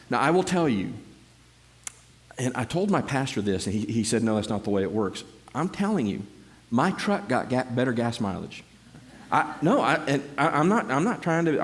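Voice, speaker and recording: A middle-aged man gives a personal testimony to a church congregation, telling the story in an animated way with many restarts and repeated words. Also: medium pitch. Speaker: church member giving a testimony.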